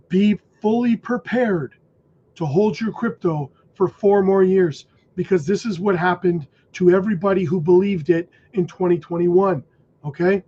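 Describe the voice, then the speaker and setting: A man hosting a crypto livestream, hoarse from losing his voice, talking emphatically and asking "okay?" and "right?" as he warns viewers. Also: sits high, dark tone, muffled recording. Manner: emphatic, warning, says "okay?" and "right?" often. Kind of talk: casual livestream commentary.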